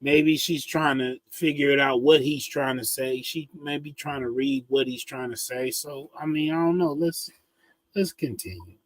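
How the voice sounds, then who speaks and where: A man co-hosting a reaction livestream, chatting casually, animated and laughing, with frequent apologetic asides. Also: mid-range voice, moderate pace, no room sound.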